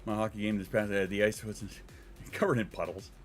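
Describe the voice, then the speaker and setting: A man's voice: lowish voice, fairly even intonation, fairly quick, soft background music. A man hosting a casual livestream, rambling and joking with plenty of profanity. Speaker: livestream host.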